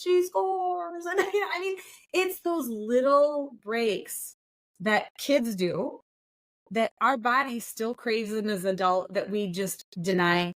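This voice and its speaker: A middle-aged woman hosting a podcast, chatting in a lively, storytelling way with quick asides. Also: lowish voice, dry recording. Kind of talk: casual conversation.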